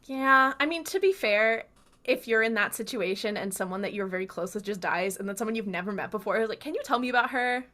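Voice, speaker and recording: A woman's voice: mid-range voice, a little fast, bright, forceful tone. A woman co-hosting a podcast, retelling scenes in casual chat and acting out the quotes. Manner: chatty storyteller, acts out quotes. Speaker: podcast co-host.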